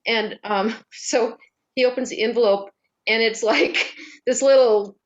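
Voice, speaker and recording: A woman telling family stories in a casual, animated way, quoting relatives as she goes. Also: fairly high pitch, unhurried, dull audio. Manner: animated, laughing, quoting others.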